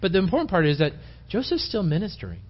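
A lay preacher leads a Bible study in church, giving a loose, conversational sermon where he often restarts sentences and acts out quotes. His voice sits high and sing-song, and he talks quickly. The recording sounds like a dull lo-fi sermon tape.

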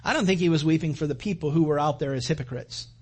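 Husky-voiced man preaching conversationally. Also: on the high side, fast talker, darkish tone. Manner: conversational storytelling, acts out quoted lines. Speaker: pastor. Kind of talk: sermon.

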